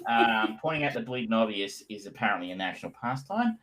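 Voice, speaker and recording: An Australian man co-hosts a podcast, his lowish, fairly bright voice moving quickly with lively intonation. He chats casually, telling jokey stories full of fillers.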